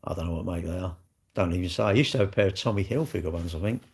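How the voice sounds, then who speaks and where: A man's voice: sits low, rapid-fire. Blunt rambling man. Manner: blunt, rambling, chatty with frequent restarts and laughs. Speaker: livestream host. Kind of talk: casual livestream chat answering viewer comments.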